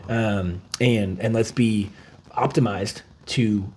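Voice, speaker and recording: A man co-hosting a podcast, chatting casually, swearing freely and acting out quotes in an animated way. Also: on the low side, takes it slowly, breathy edge. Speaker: podcast co-host.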